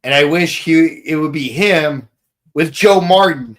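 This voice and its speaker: Male podcast co-host, unhurried, rambling, jokey. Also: on the high side. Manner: rambling, joking, many restarts and fillers. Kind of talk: casual podcast chat.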